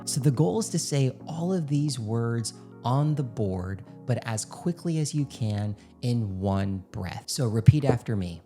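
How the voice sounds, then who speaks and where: A man's voice: mid-range voice, a little slow, few pauses, faint music behind. Upbeat male speech coach. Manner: energetic, drills tongue-twister syllables rhythmically. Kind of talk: instructional video.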